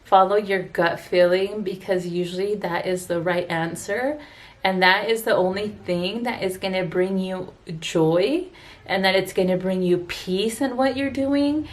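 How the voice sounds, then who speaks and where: A woman esthetician talking to her viewers in a personal vlog, tearful and earnest, halting with sighs and restarts. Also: medium pitch. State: tearful, crying. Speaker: esthetician vlogger. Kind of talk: emotional personal vlog talk.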